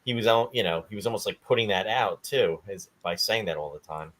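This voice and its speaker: A man's voice: lowish voice, a little fast, a bit bright. A man co-hosting a casual movie podcast, joking and fond of puns. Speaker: podcast co-host.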